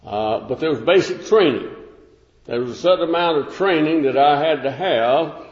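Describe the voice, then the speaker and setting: An older man delivers a sermon in a slightly high voice, talking it through plainly and then pressing key points with emphasis. His voice rings through a reverberant hall, and the recording sounds a little dull and muffled. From United States. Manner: measured, conversational preaching with emphatic rises. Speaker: preacher.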